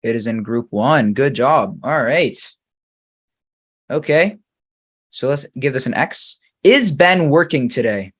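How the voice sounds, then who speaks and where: Patient male English teacher, slow examples. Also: medium pitch, lively intonation, slightly rough. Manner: slow, deliberate reading of example sentences; patient, quizzing the viewer. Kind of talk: grammar lesson.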